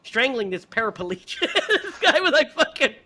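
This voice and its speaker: A man hosting a podcast who retells a movie in a casual, animated, profane way and laughs often. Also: very high voice, moderate pace. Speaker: podcast host. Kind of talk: casual movie review chat.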